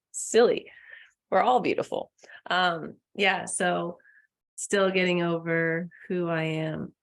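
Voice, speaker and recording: Young female spiritual coach, live-stream host; low register with vocal fry, soft, earnest, laughs easily. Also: steady tone, takes it slowly, pauses often. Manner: soft, earnest, laughs often, answers chat comments. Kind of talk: casual live-stream talk.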